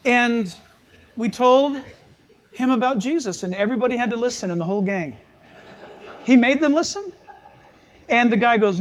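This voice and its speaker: Older male pastor, high voice, lively storytelling sermon delivery. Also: fairly quick, pauses often. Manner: animated, jokey storyteller with rising excitement.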